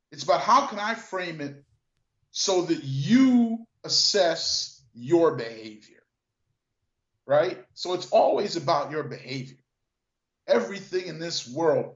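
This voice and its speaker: Older man, echoey lo-fi sound. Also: a little high. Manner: reflective, restarts and repeats words, many "you know" fillers. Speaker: guest, former car dealer. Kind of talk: casual storytelling conversation.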